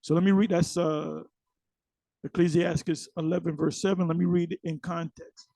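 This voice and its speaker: A man with a high, gravelly voice giving an informal religious talk. He rambles and restarts his sentences, then reads scripture slowly and deliberately. The recording is dry and close, with no room sound. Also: little pitch movement, mellow, no echo. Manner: loose, conversational, many restarts, slows down to read scripture. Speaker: religious elder and teacher. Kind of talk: casual religious commentary with scripture reading.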